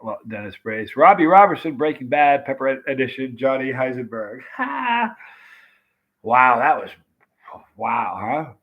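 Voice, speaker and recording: A man's voice: medium pitch, sing-song, a little slow. Guy on a live stream all loopy from pepper heat, gasping wows, kinda dull lo-fi sound. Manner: breathless, loopy exclamations while burning from hot pepper. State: burning mouth, hiccuping. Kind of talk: casual live-stream chat reading comments.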